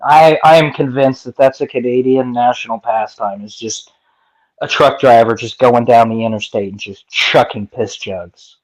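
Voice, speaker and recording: An American man co-hosting a podcast in casual chat, rowdy, profane and quick to laugh. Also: medium pitch, rough recording. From United States. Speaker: podcast co-host.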